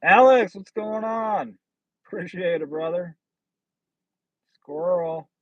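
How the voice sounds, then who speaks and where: A man's voice: high-pitched, slow, dry recording, lo-fi sound. A man hosting a casual livestream, chatting with viewers in a blunt, sardonic, rambling way. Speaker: livestream host. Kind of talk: casual livestream chat reading comments.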